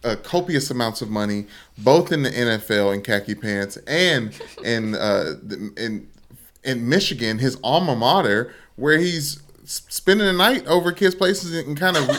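A man's voice: mid-range voice, moderate pace, a bit bright. A man in his thirties with a mid-range voice co-hosts a sports podcast. He jokes and rambles, stuttering as he restarts his sentences. He tells stories like a former player. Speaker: podcast co-host, former football recruit. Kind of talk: casual podcast chat.

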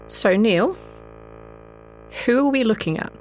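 A woman's voice: fairly high pitch, animated, a little slow, pauses often, a little mellow, faint music behind. A woman narrating as game master of a tabletop game, describing scenes with frequent fillers.

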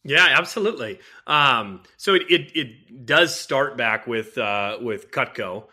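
A man, a guest author and culture consultant, telling anecdotes in an animated, casual interview. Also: mid-range voice, unhurried.

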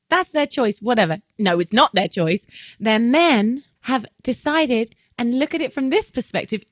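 Woman interviewer, kinda high voice, dry close sound, lively storytelling. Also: no echo. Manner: animated, acts out quoted people. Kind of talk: casual interview chat and storytelling.

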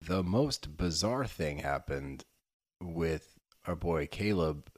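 Podcast co-host, male, deep voice, blunt reactions, swears freely. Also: animated, slow pace, soft background music. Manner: blunt, swears a lot, jumps up in pitch when reacting. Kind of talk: casual chat recapping reality TV.

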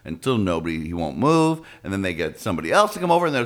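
A man co-hosting a casual chat, telling stories in an animated way and acting out quoted voices. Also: low voice, rapid-fire, few pauses.

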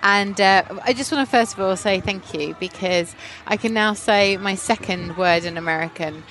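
A woman's voice: medium pitch, moderate pace, fairly bright tone, poor audio. A woman with an English accent, co-hosting a chat show, giggly and self-mocking. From England. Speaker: radio co-host. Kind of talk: casual chat.

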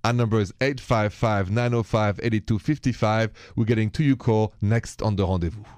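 A man's voice: fairly low pitch, steady tone, moderate pace, a little mellow, dry recording, studio quality. A man with a French accent hosting a radio call-in show, chatty and dropping French greetings.

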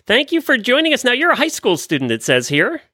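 Bright, wisecracking man radio host. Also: very high-pitched, huge pitch swings, fairly quick, no room sound, clean studio sound. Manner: joking, wisecracking. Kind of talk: casual chat, interviewing.

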